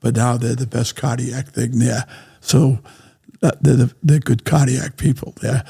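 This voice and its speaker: Gravelly older man telling blunt stories. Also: medium pitch, flat delivery, unhurried, mellow. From Rhode Island, USA. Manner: blunt and profane, with lots of "right?" and laughter. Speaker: guest. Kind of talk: casual storytelling.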